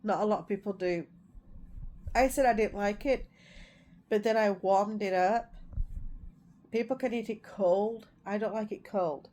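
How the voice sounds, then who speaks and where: A woman's voice: mid-range voice, unhurried, long pauses, dark tone, a little hiss or hum. A middle-aged woman vlogging in a rambling, casual way, repeating herself as she tells family stories. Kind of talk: casual chat to camera.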